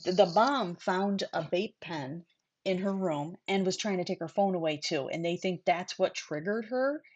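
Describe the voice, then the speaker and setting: A woman's voice: fairly low pitch, normal speed, highs cut off. A woman hosting a casual true-crime livestream, chatty and digressive, talking straight to her viewers. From New York. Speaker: livestream host.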